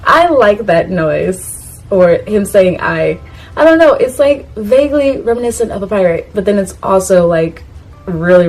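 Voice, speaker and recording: A woman's voice: medium pitch, darkish tone, poor audio. A woman vlogging to camera in a casual, rambling way, laughing at herself and talking straight to her viewers. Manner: talks straight to her viewers, asks them to comment. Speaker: YouTuber ranking anime catchphrases.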